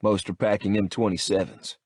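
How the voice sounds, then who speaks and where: A man voicing a calm, matter-of-fact male henchman reporting over the phone in an audiobook. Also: lowish voice, brisk, husky, dry recording, clean studio sound.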